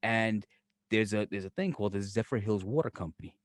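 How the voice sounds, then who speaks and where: A man's voice: fairly low pitch, brisk, no echo. A middle-aged man with a New York accent co-hosting a podcast, telling stories with cursing and acted-out quotes. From Brooklyn, New York. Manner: profane, animated storytelling with acted-out quotes. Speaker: podcast co-host. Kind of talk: casual chat.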